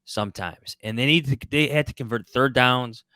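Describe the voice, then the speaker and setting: A man's voice: medium pitch, normal speed, sharp tone, dry recording. A man co-hosting a sports podcast, asking questions and chatting casually. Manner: conversational, poses questions. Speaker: podcast co-host.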